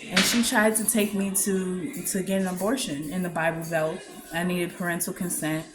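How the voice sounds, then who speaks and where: A woman giving a candid, heartfelt personal message to camera, often halting and trailing off softly. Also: fairly low pitch, level tone, music in the background. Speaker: vlogger sharing a personal message. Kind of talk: emotional personal testimony to camera.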